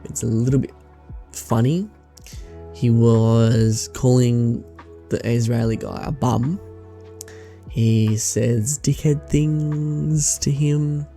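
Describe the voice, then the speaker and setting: A young Australian man talks straight to camera in a loose vlog ramble, full of slang and swearing. His voice is gravelly and sits on the dark, mellow side. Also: mid-range voice, fairly even intonation, slow pace, long pauses, soft background music. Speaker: vlogger. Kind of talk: casual rambling chat.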